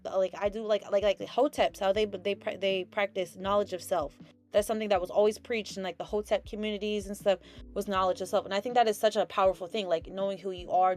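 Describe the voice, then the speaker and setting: A young woman hosting a casual spiritual chat, rambling with many fillers and telling stories in an animated way. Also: mid-range voice. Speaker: host.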